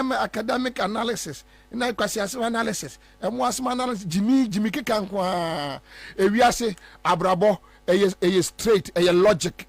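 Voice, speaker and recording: A Ghanaian man talks through politics in a lively, high-pitched voice, sliding between Twi and English and mimicking others as he goes. The sound is dry and close, with a faint mains hum underneath. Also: vocal fry, no room sound. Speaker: political commentator. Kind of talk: animated political commentary.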